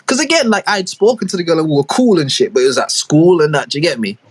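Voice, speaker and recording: A young man, co-hosting a podcast and telling a story in casual chat, animated and full of slang. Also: fairly high pitch, fast, slightly rough. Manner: animated, slangy, acts out quoted dialogue. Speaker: podcast co-host.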